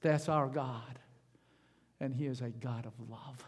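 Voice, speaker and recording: A male pastor preaching a sermon, slow and emphatic, calling out for amens and closing in prayer. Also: medium pitch, steady tone, husky. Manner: slow, emphatic preaching with rising calls of amen.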